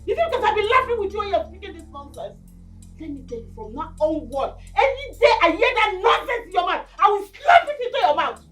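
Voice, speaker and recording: A woman's voice: extremely high pitch, sing-song, a little fast, a bit bright, soft background music, full character voice. A fiery Nigerian village mother. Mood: furious. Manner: scolding, repeats threats. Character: domineering scheming village mother, quick-tempered. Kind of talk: Nollywood film acting.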